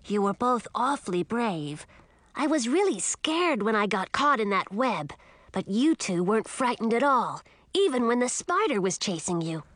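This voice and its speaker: A woman's voice: on the high side, very animated, normal speed, fairly bright tone, no room sound. A woman reading a storybook aloud, voicing a friendly, eager young male dragon who talks in a chatty, earnest way.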